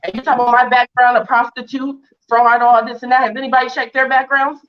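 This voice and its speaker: A fairly high-voiced woman speaks over a video call, defiant and indignant. She fires off question after question at her critics. The stream audio sounds dull and muffled. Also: little pitch movement, fast talker. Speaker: interview guest. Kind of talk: heated livestream interview.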